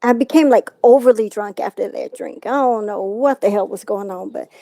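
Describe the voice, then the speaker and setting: A woman's voice: mid-range voice, normal speed, creaky, dark tone, no room sound. A woman telling a distressing personal story as a talk-show guest, acting out what others said.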